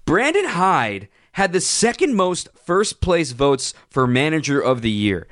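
A man hosting a sports radio show, ranting with opinionated, punchy emphasis and sudden jumps in pitch. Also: big pitch swings, moderate pace, few pauses, fairly bright tone, no echo, clean studio sound.

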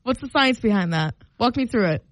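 A woman's voice: fairly high pitch, lively intonation, brisk, dry recording, poor audio. A woman in her twenties co-hosting morning radio, chatty and rambling with lots of filler words. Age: 20s. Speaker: radio morning show co-host. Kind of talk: casual radio banter. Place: radio studio.

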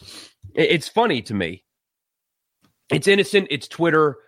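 Animated sports talk host. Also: male voice, fairly high pitch, measured pace, no room sound, clean studio sound. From South Carolina. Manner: animated, exasperated, laughs and sighs. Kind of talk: casual live-stream commentary.

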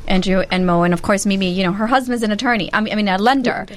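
A woman's voice: mid-range voice, racing. A woman hosting a casual panel chat, explaining the process to first-time buyers with enthusiasm.

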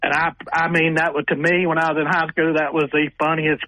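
An older man, a sportswriter telling animated stories as a radio guest and acting out what people said. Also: fairly high pitch, fairly quick, no echo, rough recording. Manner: animated storyteller who acts out quotes with raised voices. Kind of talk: radio interview storytelling.

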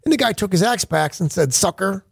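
A man's voice: sits high, sing-song, fast, creaky, breathy edge, dry recording. A man hosting a sports radio show, chatting casually and rambling through stories with many self-corrections, on a studio microphone. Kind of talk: casual on-air banter.

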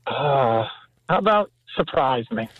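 A man who works as a hospice nurse, calling into a radio show and chatting in a friendly, halting way. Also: medium pitch, expressive, no room sound. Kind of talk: casual phone chat. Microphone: phone. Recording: dull lo-fi phone audio.

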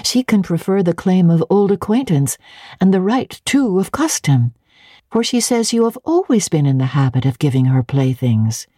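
A reserved young governess answers in a measured, polite way, spoken by a woman reading the book. The voice is low, husky and dark. It is a storybook reading. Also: sing-song, no echo, clean studio sound. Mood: composed.

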